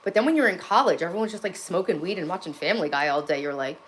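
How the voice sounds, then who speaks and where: A woman's voice: on the low side, rapid-fire, a bit bright, slight background noise. A bubbly, enthusiastic woman hosting a casual livestream from her home kitchen, reading viewer comments aloud. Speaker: livestream host.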